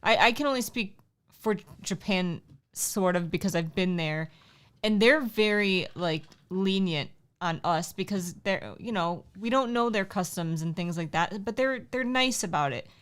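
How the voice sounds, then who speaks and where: A woman's voice: mid-range voice, a little slow, clear, resonant tone. A woman in her thirties co-hosting a casual livestream, chatty and teasing, reading viewer comments aloud. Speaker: livestream co-host. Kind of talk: casual chat.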